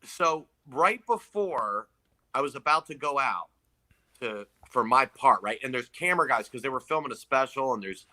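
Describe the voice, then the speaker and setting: Bright animated male storyteller. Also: normal speed. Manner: animated storyteller, acts out quotes in loud high voices. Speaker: comedian guest. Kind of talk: casual storytelling chat.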